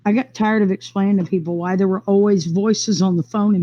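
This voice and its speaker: A woman being interviewed tells a casual first-person story about something she lived through, rambling along in quick bursts packed with fillers and restarts. Her mid-range voice is warm and mellow with fairly even intonation. The recording itself sounds dull and lo-fi.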